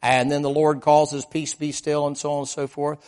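A man preaching a sermon, telling vivid stories in a folksy way, asking the congregation questions, and swinging from loud emphatic lines to low quiet asides. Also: level tone, moderate pace.

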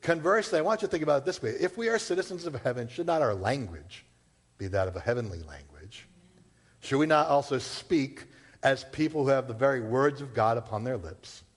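A man's voice: mid-range voice, animated, brisk. A man from Massachusetts, a pastor, preaching a sermon in a conversational way, with rhetorical questions and casual asides. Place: church. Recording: long hall reverb.

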